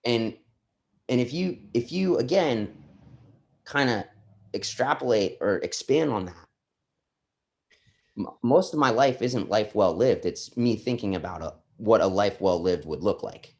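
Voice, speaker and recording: Man, podcast guest, casual chat, animated storytelling, salty language. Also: lowish voice, measured pace, long pauses. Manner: animated storyteller, swears freely.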